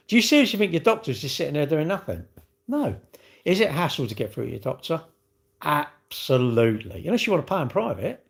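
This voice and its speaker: A middle-aged British man talks in casual chat on his livestream, answering chat questions in a rambling, blunt, slangy way. His voice sits a little high for a man and swings up and down with lively intonation. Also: a little fast, gravelly, husky.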